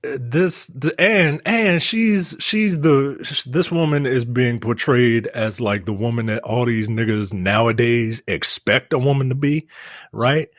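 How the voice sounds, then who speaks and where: A man's voice: mid-range voice, a little slow, fairly bright tone, dry recording, studio quality. A man co-hosting a podcast, blunt and joking as he riffs on a movie. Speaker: podcast co-host. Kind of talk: casual movie review chat.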